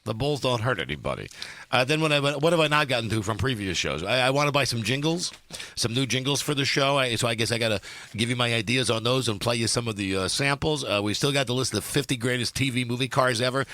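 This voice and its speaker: A man's voice: mid-range voice, quick pace, pushed and bright. Sardonic rambling male radio host. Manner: rambling, sardonic, hops between topics. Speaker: radio talk show host. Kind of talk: casual radio talk. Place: radio studio. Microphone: studio microphone, dry.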